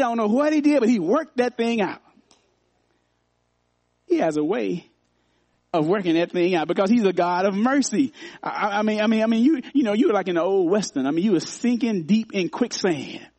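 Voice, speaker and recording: A man's voice: high voice, a little mellow, dry recording. A man preaching a sermon, repeating phrases for emphasis and calling out to his congregation. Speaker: pastor. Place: church.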